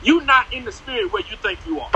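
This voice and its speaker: A man hosting a church talk show, encouraging his guest with quick affirmations and then explaining his point. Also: extremely high pitch, expressive, lo-fi sound, background noise.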